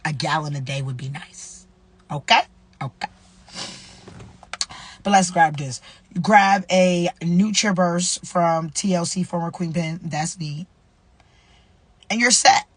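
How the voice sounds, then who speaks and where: A woman's voice: on the low side, slow pace, pauses often, breathy edge, dry recording. Woman giving a casual, preachy devotional talk. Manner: conversational, repeats herself, slangy, preachy. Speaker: vlogger running a nonprofit.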